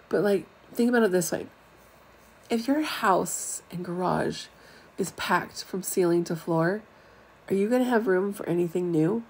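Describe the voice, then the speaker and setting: A woman's voice: lowish voice, a little mellow, slight background noise, low-quality recording. A middle-aged woman giving a frank, chatty spiritual talk to online viewers, with casual asides. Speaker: spiritual teacher. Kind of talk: live-streamed spiritual talk.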